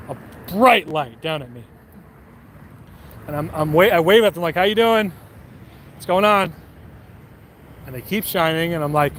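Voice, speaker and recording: A man's voice: on the high side, slight background noise. Rambling man telling a story outdoors. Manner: loose, rambling and profane, with animated quoted voices. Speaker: streamer. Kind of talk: casual storytelling while out walking.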